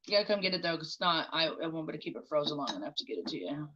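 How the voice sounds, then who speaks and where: A woman's voice: low-pitched, very animated, racing, lo-fi sound, noisy background. A woman livestreaming in casual chat, talking bluntly with lots of swearing and mocking remarks.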